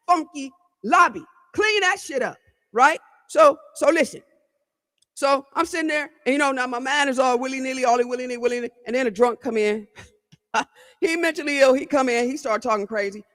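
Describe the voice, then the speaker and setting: A woman's voice: sits high, fairly bright tone. A woman host from the Cleveland area, telling a story on her podcast in a blunt, fired-up way, swearing, repeating herself and talking straight to her listeners. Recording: long hall-like reverb.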